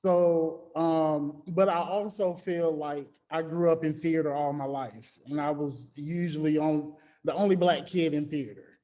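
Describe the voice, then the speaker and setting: A candid man speaking on a casual panel, an artist who talks through his thoughts with plenty of ums. His voice sits slightly high for a man. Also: steady tone, a little slow, hardly any pauses, warm tone, lo-fi sound.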